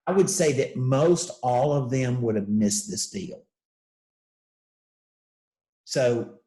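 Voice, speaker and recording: A man's voice: a little high, reverberant, low-quality recording. An older man teaching real estate investing, telling a story and acting out the dialogue. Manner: animated storyteller, acts out dialogue.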